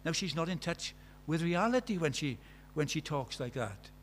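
A middle-aged man with a Welsh accent delivers a sermon with a fairly high voice. He shifts from loud, emphatic declarations to quiet, hushed asides as he preaches. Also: expressive, moderate pace, slight background noise. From Wales.

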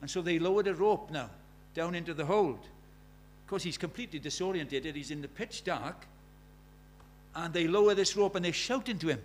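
A man preaching a sermon, pleading with his listeners in a voice that rises to urgent calls and sinks to hushed storytelling. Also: a little high, moderate pace, a little hiss or hum.

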